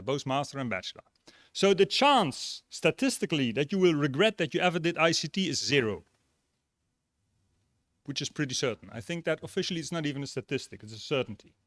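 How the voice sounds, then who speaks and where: A man giving a relaxed graduation speech and telling jokes and a story. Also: on the high side, dry recording, clean studio sound. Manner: relaxed, tells jokes and stories. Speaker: graduation speaker. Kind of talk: ceremonial speech.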